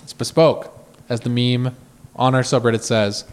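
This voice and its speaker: A man's voice: mid-range voice, little pitch movement, moderate pace, darkish tone, clear, resonant tone. Rambling, swearing podcast guy. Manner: rambling, profane, laughs often. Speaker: podcast co-host. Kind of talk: casual podcast banter.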